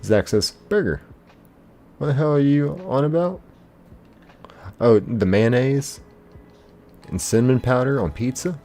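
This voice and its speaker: A man's voice: mid-range voice, animated, a little slow, long pauses. A young man hosting a live game stream, chatting casually and reading out viewer comments. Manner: laid-back, chatty, greets viewers warmly by name. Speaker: livestream host.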